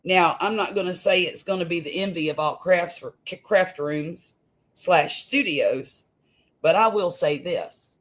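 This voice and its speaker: A grandmother in her fifties talks her way through a home live stream, unhurried and rambling. Her voice sits a little low, and she drawls along at an easy, slow pace, dropping fillers and laughing often. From US Gulf Coast. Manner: chatty, homey, laughs easily, trails off with fillers. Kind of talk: casual live-stream chat. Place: home room.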